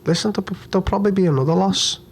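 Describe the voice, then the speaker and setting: This young man's voice sits high with a breathy edge as he faces questions at a press conference after losing a fight. Hurt and upset, he's blunt, swears, and stumbles, repeating points and restarting haltingly.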